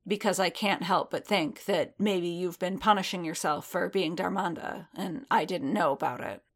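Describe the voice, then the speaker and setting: Woman reading as a blunt male warrior, direct and terse, fairly low pitched. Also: moderate pace. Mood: earnest.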